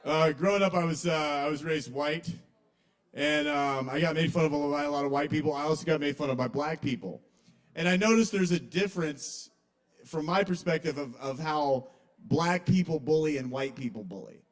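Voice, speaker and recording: A young man with a drawl tells stories at an open mic in a kava bar. His voice sits a little high, and his delivery is confessional and rambling, with sudden loud outbursts in his acted quotes. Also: moderate pace. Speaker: stand-up comedian at an open mic. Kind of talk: casual stand-up comedy.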